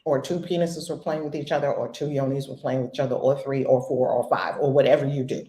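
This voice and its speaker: A woman giving a spiritual lesson as a teacher, blunt and animated, swearing casually. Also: extremely low pitch, fast. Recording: echoey room.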